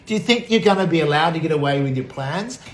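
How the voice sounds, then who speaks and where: An Australian man delivering an angry political rant to camera. His talk is profane and combative, and he swings between shouting and muttering. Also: on the high side, expressive, fast talker. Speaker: vlogger. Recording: echoey room.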